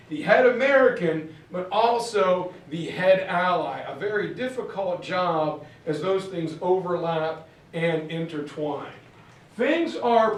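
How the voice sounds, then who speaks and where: A man lecturing on history as an animated storyteller who acts out the quotes. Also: high voice. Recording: roomy sound from far off.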